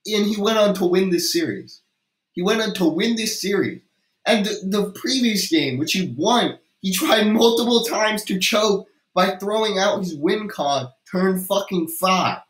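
High, bright-voiced man ranting in disbelief. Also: expressive, unhurried. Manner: incredulous, exasperated, swearing and dramatic. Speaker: video creator. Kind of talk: ranting game commentary. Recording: roomy echo.

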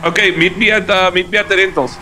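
A man chats casually and swears freely during an in-character game roleplay. His voice is bright and sharp and sits a little high. Faint game noise drifts behind him. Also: fairly even intonation, quick pace, poor audio. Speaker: roleplay player.

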